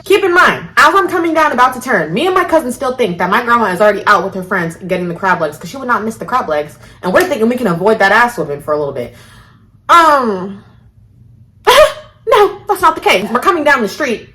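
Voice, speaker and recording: A woman with a slightly high voice tells a story at a brisk pace, with a little hiss or hum in the audio. It's a casual storytime vlog, full of swearing, and she acts out each quote with animation.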